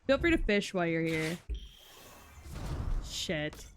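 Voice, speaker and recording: A woman's voice: fairly low pitch, sing-song, slow. Woman streamer, casual gameplay chatter, frustrated swearing and dry sarcasm, faint background hiss. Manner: sarcastic asides. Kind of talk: casual live-stream chat while playing.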